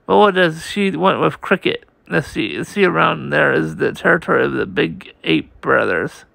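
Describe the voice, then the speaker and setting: A man reads a comic aloud in a bright, very gravelly voice. He goes slowly and stumbles, restarting words, and the sound is dry and close. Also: a little high, no room sound. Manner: halting, slow reading with many restarts. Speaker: comic reader.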